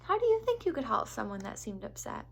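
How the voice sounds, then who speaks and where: A teacher reading a picture book aloud to young children, gentle and expressive. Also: female voice, fairly high pitch, fast talker, vocal fry, slight background noise. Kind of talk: storybook read-aloud for children.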